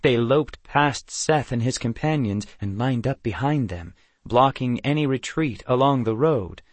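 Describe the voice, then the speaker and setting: A man narrating a fantasy novel as an audiobook, in an even, clear storytelling manner. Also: mid-range voice, a little slow, no echo. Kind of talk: scripted narration.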